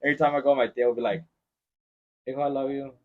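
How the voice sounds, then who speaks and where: A man hosting a podcast in casual chat, mixing English and as he tells animated stories. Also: mid-range voice, fast talker. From Mexico-Texas border region. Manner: switches between English and Spanish, animated storytelling. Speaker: podcast host. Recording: lo-fi podcast recording.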